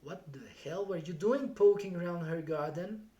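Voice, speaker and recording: A man's voice: high voice, moderate pace, mellow, roomy sound, natural voice. A streamer reading aloud and voicing an angry, exasperated middle-aged father who scolds his son.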